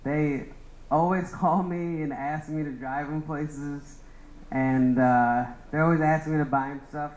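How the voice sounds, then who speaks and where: A man's voice: a little high, fairly even intonation, unhurried, darkish tone, reverberant, low-quality recording. A young man doing a rambling stand-up roast of his friends, laughing at his own jokes. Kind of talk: open-mic roast set.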